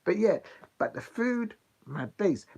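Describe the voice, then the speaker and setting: A man hosting a football watch-along stream, chatting in a rambling, animated way with plenty of ums. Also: high voice, measured pace, vocal fry. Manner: chatty, digressive, animated storytelling with filler ums. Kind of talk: casual rambling chat.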